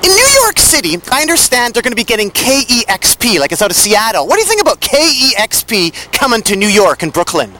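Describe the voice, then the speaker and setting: A man's voice: sits high, sing-song, quick pace, few pauses, pushed and bright. A man interviewing a band outdoors, asking playful, jokey questions.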